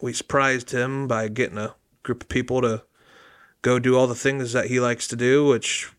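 A young man co-hosting a podcast, recounting his weekend in a laid-back, relaxed way. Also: medium pitch, moderate pace, clear, resonant tone, no echo, studio quality. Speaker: podcast co-host. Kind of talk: casual chat.

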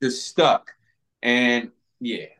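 A man's voice: mid-range voice, fairly even intonation, very slow, fairly bright tone. A man from Baltimore, a podcast guest, talking casually about a horror film with slang and stammered restarts.

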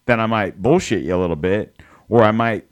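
A podcast co-host rambles through a casual political chat, swearing and correcting himself along the way. His voice is smooth, on the low side, and a little fast.

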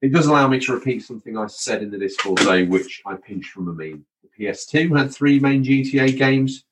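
A man's voice: mid-range voice, expressive, a little fast, background noise. A man hosting a casual gaming podcast, chatty and wry, reading out listener messages. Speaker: podcast host.

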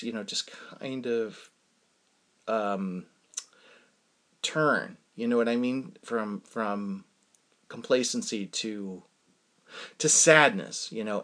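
A man casually telling a personal story to his audience, rambling and halting with frequent restarts and fillers. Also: medium pitch, fairly bright tone.

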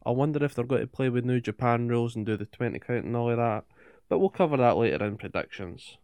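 A man rattles through a wrestling recap with a smooth, clean voice. He swears freely and tosses out rhetorical questions. The sound is dry and close. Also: medium pitch, fast talker, darkish tone, no echo. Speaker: podcast co-host. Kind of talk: casual wrestling recap chat.

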